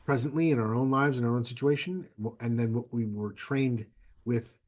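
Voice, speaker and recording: A man's voice: mid-range voice, fairly even intonation, normal speed, a little mellow. A man co-hosting a podcast in casual chat, talking thoughtfully in long winding sentences. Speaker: co-host.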